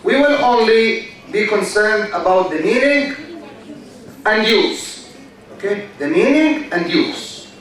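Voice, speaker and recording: A man lectures a class in a high, unhurried voice, repeating key words and asking "okay?" again and again. He sits far from the mic, and the big hall booms with echo around him. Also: lively intonation, fairly bright tone. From Egypt. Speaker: university lecturer.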